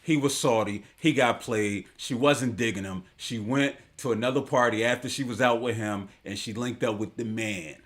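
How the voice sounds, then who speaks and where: A man's voice: mid-range voice, moderate pace, hardly any pauses. A man hosting a live online talk show, giving casual commentary in an emphatic, slangy way and repeating his points for effect.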